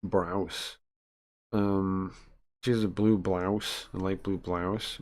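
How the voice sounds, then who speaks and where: A man's voice: sits low, little pitch movement, takes it slowly, a little mellow. Rambling man reading a game on stream. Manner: rambling, many filler ums, reads game text and chats between. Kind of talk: casual live-stream chat and read-aloud.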